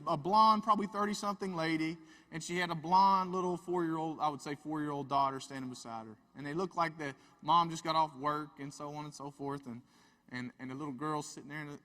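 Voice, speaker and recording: Man, forceful bright voice, folksy live talk, reverberant hall. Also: a little high. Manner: folksy storyteller, chatty asides. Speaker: family therapist and speaker. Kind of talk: humorous live talk to an audience. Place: large hall with a live audience.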